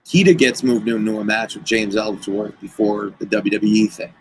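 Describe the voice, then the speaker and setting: A man with a gravelly, fairly low voice tells a story as a podcast guest. He slips into the voices of the people he quotes. The chat is loose and casual. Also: normal speed, slight background noise, low-quality recording. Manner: animated, acts out quoted dialogue. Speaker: guest wrestler.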